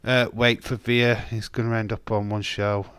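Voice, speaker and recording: A man's voice: fairly low pitch, little pitch movement, moderate pace, fairly bright tone, clean tone, no room sound. A man with a Yorkshire accent hosting a live stream, chatting casually and bluntly, swearing freely and restarting his sentences. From Castleford, Yorkshire, England. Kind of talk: casual watch-along chat reading viewer comments.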